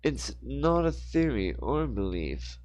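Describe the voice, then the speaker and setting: A man's voice: medium pitch, big pitch swings, slow pace, darkish tone, voice pushed up, rough recording. A man doing a pedantic lecturing mayor. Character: pedantic male mayor, lecturing and long-winded.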